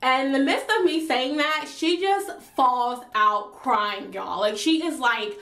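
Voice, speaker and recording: A young woman vlogger telling a story to her viewers in an animated, slangy, chatty way. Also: on the high side, measured pace, hardly any pauses. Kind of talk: storytime chat. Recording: roomy echo.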